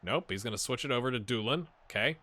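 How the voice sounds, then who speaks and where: A man hosting a gaming channel, talking through a football management game in casual let's-play commentary, slangy and joking, cheering players on with loud outbursts. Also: medium pitch, fast talker. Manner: excitable, talks to players in the game, loud outbursts when goals come; slangy and joking, trails off into mumbles.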